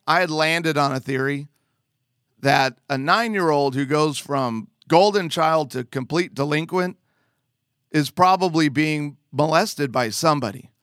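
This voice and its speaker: A man's voice: a little high, unhurried, a bit bright, smooth, no echo, studio quality. A man earnestly telling a personal testimony as a father, conversational with emphatic asides.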